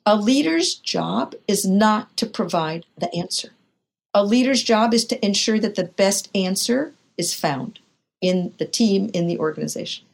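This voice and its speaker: A woman's voice: medium pitch, expressive, measured pace, vocal fry. An older woman, a podcast guest and author, telling frank, vivid anecdotes in an interview. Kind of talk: candid interview storytelling.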